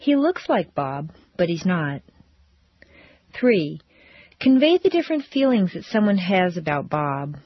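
Woman, pronunciation teacher, slow exaggerated drills, breathy, dull dry lo-fi recording. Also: lowish voice, sing-song, dry recording. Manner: slow, deliberate, exaggerated intonation.

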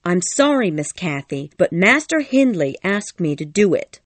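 A man's voice: sits high, very animated, measured pace, dry recording, pitched above the performer's own voice, heavily acted. A man doing a stubborn young housekeeper. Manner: stiffly polite, indignant.

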